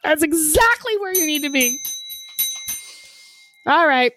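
High, animated woman co-hosting a podcast. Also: slow pace, dry recording. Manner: animated storyteller, swears freely. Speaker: podcast co-host. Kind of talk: casual chat.

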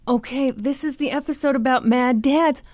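A woman co-hosting a podcast in casual chat, animated and quick to laugh. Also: high-pitched, no room sound, clean studio sound. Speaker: podcast co-host.

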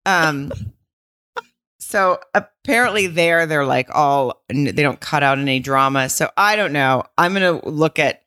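Podcast co-host, woman, low voice, dry close sound, chatty and loose. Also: measured pace, a bit bright, clean tone, no room sound. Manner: chatty, laughs often, swears casually. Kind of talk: casual chat.

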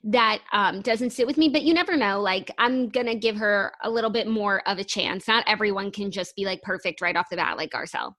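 A woman's voice: mid-range voice, brisk, hardly any pauses, a bit bright. A young woman co-hosting a podcast, chatting casually in an earnest, thoughtful way with many fillers. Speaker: podcast co-host. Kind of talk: casual chat.

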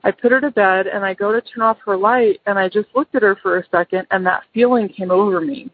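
A woman's voice: medium pitch, a little fast, slightly rough, no room sound. A middle-aged mother calling in to tell a personal ghost story, hesitant, with many ums and restarts. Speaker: caller. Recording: phone line.

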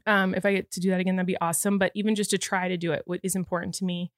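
A woman in her thirties with a lowish voice talks rapid-fire in a level tone while hosting a podcast. Emotional to the point of tears, she rambles earnestly through casual chat and keeps restarting. The indoor studio gives clean sound with no room sound.

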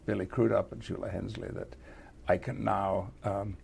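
An older man with a British accent, chatting in an interview, halting with many restarts and frequent chuckles. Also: sits low, little pitch movement, creaky, a little mellow, a little hiss or hum. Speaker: actor being interviewed. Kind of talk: casual interview chat.

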